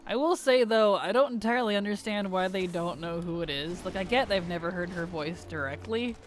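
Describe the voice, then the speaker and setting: A woman streaming a game, chatting casually with viewers, chatty and giggly with animated rants. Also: lowish voice, brisk, a little hiss or hum. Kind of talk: casual gameplay chat with viewers.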